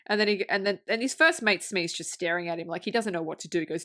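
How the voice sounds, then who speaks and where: A woman co-hosting a casual movie podcast, retelling scenes with lively acted-out lines, laughter and swearing. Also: mid-range voice, fast talker, few pauses. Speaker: podcast co-host. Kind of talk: casual film review chat.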